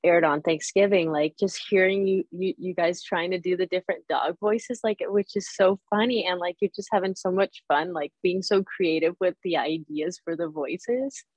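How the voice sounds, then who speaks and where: A woman's voice: on the low side, steady tone, moderate pace, hardly any pauses, no echo, highs cut off. A woman hosting a casual interview, chatty and encouraging toward her guest. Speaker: host.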